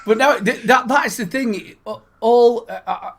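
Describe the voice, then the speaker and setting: A man's voice: very high voice, slow pace, vocal fry. A man with a Yorkshire accent co-hosting a casual chat, telling stories with lots of swearing and laughter. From Yorkshire, England. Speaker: podcast co-host.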